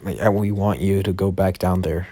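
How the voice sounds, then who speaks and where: A man voicing a calm, persuasive male head of a school and defense force, in a low-key, hesitant way with many fillers. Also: moderate pace, no echo. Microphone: Discord voice chat.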